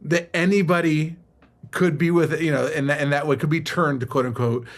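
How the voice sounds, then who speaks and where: A man co-hosting a podcast in casual chat, a relaxed listener who pushes back with dry questions. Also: fairly high pitch, normal speed. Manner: laid-back, agreeable listener, questions things wryly. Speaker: podcast co-host.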